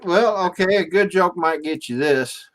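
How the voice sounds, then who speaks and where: High-pitched sidekick voice, snappy, dismissive, odd strained timbre. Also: male voice, a little slow, a bit bright. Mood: teasing.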